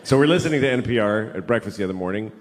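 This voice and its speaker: A man's voice: lowish voice, animated, very fast. A man in his forties doing a stand-up set on a large theater stage, telling stories in a sardonic way that rises to incredulous outbursts. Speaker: stand-up comedian. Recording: live stage recording, roomy and noisy.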